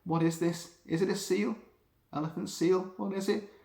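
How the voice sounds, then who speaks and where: A man's voice: high-pitched, fairly even intonation, moderate pace, gravelly, darkish tone, voice pushed up. A man playing a hungry shark that wonders aloud about its prey in a raised, questioning voice. The sound is roomy and echoey. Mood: curious. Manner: questioning, musing to itself. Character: curious hungry shark, male, weighing up prey. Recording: roomy echo.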